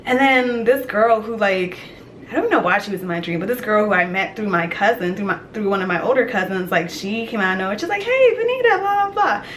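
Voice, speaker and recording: A young woman telling a dream story in casual vlog style, animated and chatty, with many "like" fillers. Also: mid-range voice, brisk, a little hiss or hum. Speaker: vlogger.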